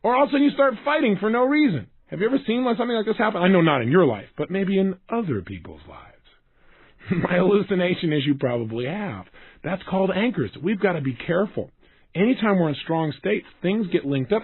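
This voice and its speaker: A man's voice: high-pitched, expressive, fast talker, breathy edge, dry recording. A man giving a motivational self-help talk who keeps asking the listener rhetorical questions. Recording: dry, tinny phone-like sound.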